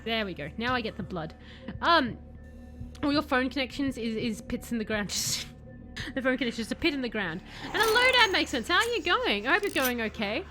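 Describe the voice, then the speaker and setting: Her voice is fairly high and a little fast, with background music, as the young streamer plays a video game and rambles chattily with her viewers, now and then erupting into excited shouts during the casual let's-play.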